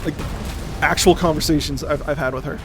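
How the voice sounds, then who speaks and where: A man's voice: a little high, fairly even intonation, a little fast, background noise. A man streaming a game, telling a long, rambling, profane story in casual chat. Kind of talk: casual storytelling while gaming.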